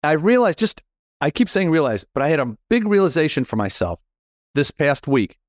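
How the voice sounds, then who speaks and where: A middle-aged man hosting a podcast interview, talking in a rambling, animated, self-deprecating way. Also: fairly high pitch, normal speed, dry recording. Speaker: podcast host. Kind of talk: casual conversational interview.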